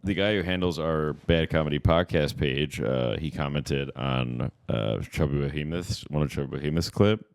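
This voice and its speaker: Very deep-voiced man on a comedy podcast. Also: normal speed, creaky, few pauses, clean tone, no room sound. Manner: rambling, restarts and riffs with absurd jokes. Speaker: podcast co-host. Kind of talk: casual comedy banter. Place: podcast studio.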